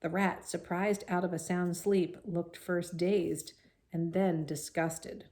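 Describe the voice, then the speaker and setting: A woman reads a children's novel aloud in an expressive storytelling voice. She stops now and then for friendly asides to her young listeners. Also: lowish voice, slow.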